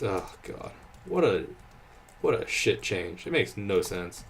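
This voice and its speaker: A man talks through a game he is playing in a loose, ranting way. He swears freely, trips over his own sentences and keeps up a running gameplay commentary at a desk microphone, with keyboard typing underneath. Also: on the low side. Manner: exasperated, sweary ranting with frequent laughs and restarts.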